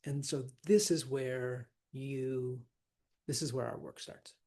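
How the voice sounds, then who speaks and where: A man teaching a class on verse, animated and laughing often, repeating words to stress them. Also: mid-range voice, takes it slowly, gravelly. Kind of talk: classroom lecture.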